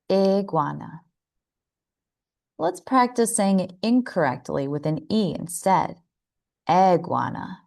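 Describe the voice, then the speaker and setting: American lady teaching pronunciation, slow and careful, kinda low voice. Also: darkish tone. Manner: slow, careful, drawn-out model sounds. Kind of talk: slow instructional demonstration.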